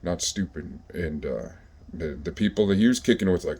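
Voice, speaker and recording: A man with a very low, mellow voice tells stories from his own past in an easygoing way. His talk is rough and profane, and he keeps stopping for fillers as he thinks. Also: normal speed. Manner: profane, laid-back street talk with many fillers. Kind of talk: casual storytelling.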